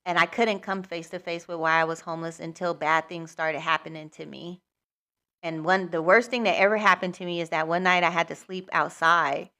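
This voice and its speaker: A woman's voice: lowish voice, sharp tone. A woman hosting a spiritual livestream, telling a personal story in a candid, rambling way with many fillers.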